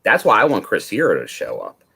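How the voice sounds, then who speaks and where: A man's voice: fairly low pitch, huge pitch swings, a little fast, creaky, bright, forceful tone, breathy edge. A man co-hosting a casual wrestling chat, stressing his points by repeating words. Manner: emphatic, repeats words when making a point. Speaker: podcast co-host.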